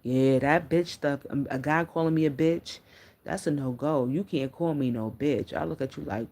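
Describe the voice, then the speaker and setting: A woman's voice: low-pitched, fairly quick, darkish tone. A middle-aged woman chatting on a live stream, blunt and profane, answering her viewers as she tells stories. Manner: blunt, profane, candid storytelling; talks back to viewers' comments. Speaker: livestreamer. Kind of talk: casual live-stream chat.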